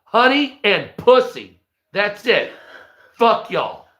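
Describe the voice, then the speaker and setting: Playing a crude, bragging street thug, a man trash-talks and threatens the listener with menacing swagger. He speaks slowly in a high, very animated, pushed, bright, and exaggerated voice. A roomy echo surrounds the recording.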